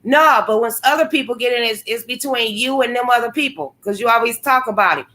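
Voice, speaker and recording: A woman hosting a casual livestream, talking bluntly to her chat viewers, swearing freely and reacting with animated commentary. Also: a little high, quick pace. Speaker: livestream host. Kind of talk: casual live-stream commentary.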